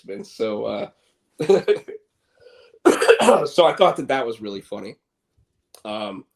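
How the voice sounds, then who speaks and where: A man co-hosting a podcast, chatting casually and rambling with many restarts. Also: medium pitch. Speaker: podcast co-host. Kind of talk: casual chat.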